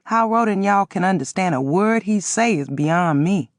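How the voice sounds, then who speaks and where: A woman's voice: mid-range voice, lively intonation, moderate pace, dry recording, clean studio sound, close to an everyday voice. A woman voicing a tired old father who grumbles and rambles. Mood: grumbling.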